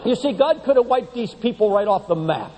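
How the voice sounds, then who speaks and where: A man delivers an impassioned sermon in a high, mellow voice, repeating words as he builds toward emphatic peaks before sinking low and slow. His voice carries a long reverb, as if it were recorded in a large sanctuary. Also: lively intonation, slight background noise. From United States. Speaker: preacher.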